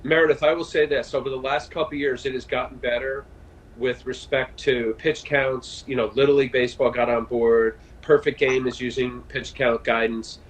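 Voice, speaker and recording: A man in his fifties, a former pitcher, telling stories in a casual interview over a video call, animated and full of fillers and restarts. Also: moderate pace, slight background noise, poor audio. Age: 50s. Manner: chatty storyteller, animated, frequent fillers and restarts. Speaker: guest, former baseball pitcher.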